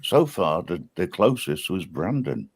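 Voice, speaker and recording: A man co-hosting a live stream, with dry, deadpan humor and frequent "uh" and "um" pauses. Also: deep voice, breathy edge, no room sound. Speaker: livestream co-host. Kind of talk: casual live-stream chat.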